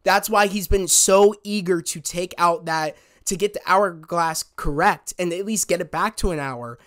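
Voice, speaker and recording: A man's voice: high voice, normal speed, fairly bright tone. A man casually reviewing a TV episode, retelling scenes in a rambling, heartfelt way. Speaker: TV show reviewer.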